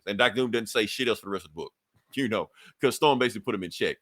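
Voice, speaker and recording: A man's voice: on the low side, rapid-fire, a bit bright, dry recording. A man casually recapping a comic book on a podcast, acting out the characters' lines and swearing freely. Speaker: podcast co-host reviewing comics.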